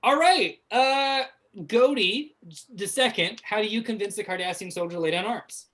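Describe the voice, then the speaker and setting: A woman running a tabletop game as game master, laughing often and reacting with quick asides. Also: medium pitch, a bit bright, slight background noise, low-quality recording.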